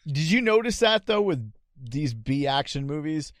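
A man hosts a podcast about retro game shows, telling stories in chatty banter and laughing often. His voice is fairly high with big pitch swings at normal speed, recorded dry with clean studio sound.

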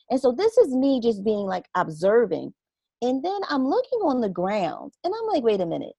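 A woman's voice: a little high, brisk, gravelly, husky, no room sound. Earnest woman telling a story, dry sound. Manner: animated, acts out her own inner reactions; earnest and reflective. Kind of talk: casual conversational storytelling.

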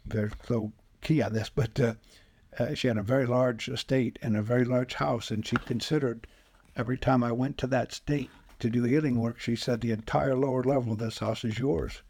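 A man, a spiritual healer, speaking as a podcast guest and telling lively anecdotes, acting out the quoted voices. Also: medium pitch, normal speed, husky, no room sound. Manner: animated anecdotes, acts out quoted voices, chuckles often. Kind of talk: casual storytelling interview.

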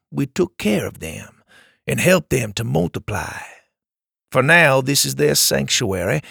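A man voicing a calm, wise male camp leader who explains at length in a measured way. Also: fairly high pitch, gravelly, breathy edge, no echo, clean studio sound, pitched above the performer's own voice, full character voice.

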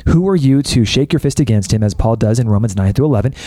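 An American man with a mellow, warm tone and a mid-range pitch makes emphatic points about scripture. His delivery is animated, with lively joking asides. The sound is dry and close. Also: quick pace, no room sound. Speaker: podcast co-host. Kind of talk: casual Bible discussion.

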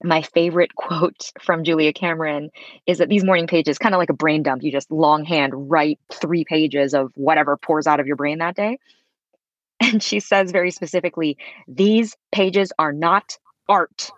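A woman with a very low voice talks as a podcast guest, expressive and effusive and at ease with swearing. Her recording sounds dry and a little dull, like a lo-fi mic. She comes across as a coach sharing practical advice in a relaxed conversation. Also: normal speed, dry recording. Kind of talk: conversational interview.

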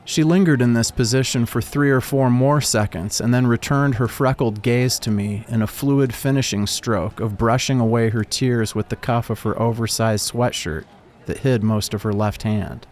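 A man narrating a first-person story in a calm, reflective way. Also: medium pitch, normal speed, slight background noise.

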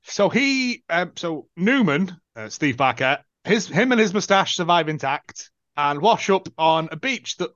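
A man's voice: fairly high pitch, very animated, a little slow, a bit bright, no room sound, highs cut off. A man co-hosting a casual movie podcast, joking and laughing often. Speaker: podcast co-host. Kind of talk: casual movie-review chat.

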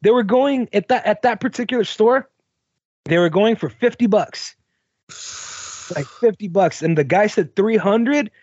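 A man's voice: sits high, unhurried, a little mellow, no room sound, muffled recording. A man co-hosting a podcast, casually telling a long story, rambling, swearing and laughing along. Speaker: podcast co-host.

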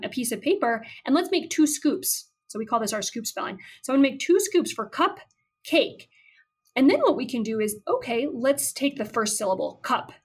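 Higher-voiced woman teaching therapy steps. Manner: explains step by step, acting out therapy prompts. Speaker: speech-language pathologist. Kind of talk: podcast teaching talk.

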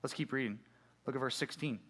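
A middle-aged pastor giving a conversational sermon, often putting questions to the congregation. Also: male voice, mid-range voice, fast, fairly bright tone. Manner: conversational preaching, asks the audience questions.

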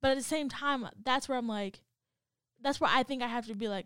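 Woman, casual chat, rambling with fillers, venting, clear resonant voice. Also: on the high side, brisk, a bit bright, no echo, clean studio sound.

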